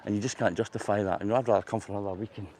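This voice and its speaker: A man's voice: lowish voice, fairly even intonation, racing, darkish tone, a little hiss or hum. A man with a Scottish accent chatting easily on an outdoor seafront walk, recorded on a lapel mic. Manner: easygoing, with frequent "eh" fillers. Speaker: guest on a walk. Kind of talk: casual conversation while walking. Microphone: wireless lapel mic.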